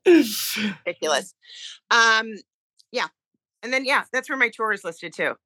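A woman guest on a podcast, joking and telling quick-witted stories in casual chat. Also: a little high, expressive, bright, forceful tone, rough recording.

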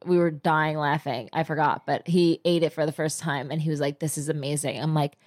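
Low-pitched, steady and a little fast, this young New Jersey woman co-hosts a laid-back podcast conversation. She's quick to laugh, swears without restraint, and interrupts her friend.

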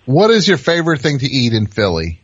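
A man's voice: medium pitch, wildly swooping pitch, brisk, husky, dry recording. Male call-in host, playful riffer, dry close recording with slightly dull sound. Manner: riffing, builds bits, acts out little scenes. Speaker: radio show host. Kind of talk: comedic call-in riffing.

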